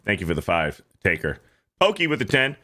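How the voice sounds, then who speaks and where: A man's voice: low voice, sing-song, brisk, pushed and bright. A man co-hosting a casual livestream, reading donor messages aloud and joking in a profane, mocking way. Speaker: co-host reading super chats.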